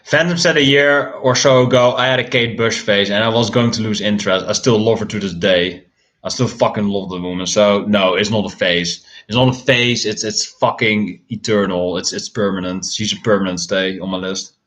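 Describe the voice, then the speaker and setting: A man's voice: fairly low pitch, steady tone, moderate pace, fairly bright tone. Man ranting, swearing and stammering. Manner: profane, ranting, frequent stammered restarts. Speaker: music reviewer. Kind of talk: casual reaction commentary on songs.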